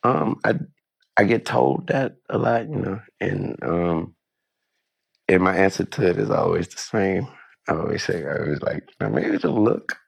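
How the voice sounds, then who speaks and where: Low gravelly man, rambling interview talk. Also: a little slow, dry recording. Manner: loose, rambling delivery with many restarts and fillers. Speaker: interview guest, rapper.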